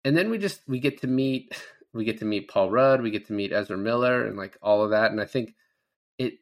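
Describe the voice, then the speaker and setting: A man's voice: lowish voice, brisk. A man in his thirties co-hosting a casual movie review podcast, loose and rambling with lots of restarts. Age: 30s. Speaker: podcast co-host.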